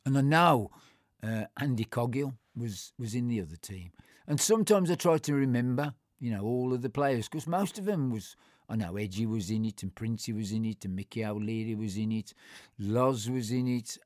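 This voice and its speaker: A man's voice: medium pitch, darkish tone, dry recording, studio quality. An older man with a Black Country accent, casually reminiscing about his childhood in a rambling way with many fillers and restarts. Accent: Black Country English. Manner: rambling, full of fillers and self-corrections; acts out other people's voices in anecdotes. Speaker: storyteller.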